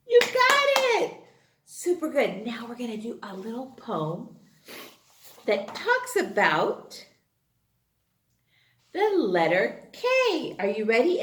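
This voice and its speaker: A woman's voice: on the high side, sharp tone. A woman teaching a phonics lesson to young children, sing-song and exaggerated, drawing out her sounds. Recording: echoey room.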